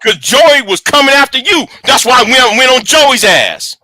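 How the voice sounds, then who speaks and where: Male host, high lively pitch, close dry sound, angry profane rant with many restarts. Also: normal speed, no echo. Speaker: channel host. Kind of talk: casual livestream rant.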